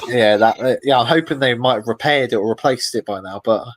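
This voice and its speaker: A man, the guest in an interview, telling lively anecdotes in a casual way and acting out the voices of people he quotes. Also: medium pitch, a little fast, a little hiss or hum, poor audio. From Britain. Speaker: expedition guest.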